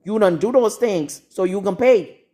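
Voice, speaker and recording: A woman's voice: medium pitch, expressive, normal speed, mellow. A woman preaching a live-streamed sermon in a blunt, scolding, confrontational manner. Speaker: prophetess.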